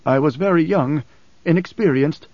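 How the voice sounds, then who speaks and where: A man's voice: on the high side, normal speed, a little mellow, no room sound, lightly acted. A man doing a curt, grating swordsman. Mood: curt, tense. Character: tense male pilot and swordsman, harsh and curt. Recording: slightly dull dry recording.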